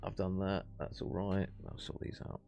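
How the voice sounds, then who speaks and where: A man's voice: deep voice, monotone, normal speed, vocal fry, darkish tone, soft background music. A man hosting a live esports stream, casting casually with laid-back, jokey chatter. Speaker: esports caster and stream host. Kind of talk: relaxed live casting and banter.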